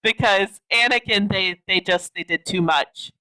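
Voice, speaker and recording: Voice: medium pitch, unhurried, sharp tone, far from the mic, low-quality recording. A podcast co-host chatting casually in a wry way, laughing often and swearing lightly. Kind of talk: casual chat.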